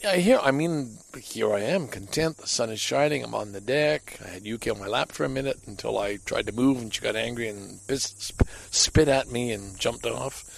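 A man speaks in a relaxed personal monologue from the deck of his home. His voice is gravelly with a noticeable fry at the bottom, and his pitch sits in an ordinary middle range. He rambles candidly and is hard on himself. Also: moderate pace, poor audio. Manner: candid, self-critical, rambling.

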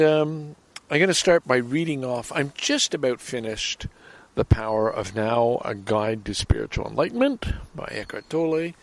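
A man's voice: mid-range voice, dry recording. An older man from Canada rambling to his listeners in a casual outdoor audio vlog, stopping and restarting his thoughts as he goes. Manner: rambling, self-interrupting, talks to listeners. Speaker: vlogger and podcaster. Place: outdoors in a city, at a station and on a bench. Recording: city street and vehicle noise.

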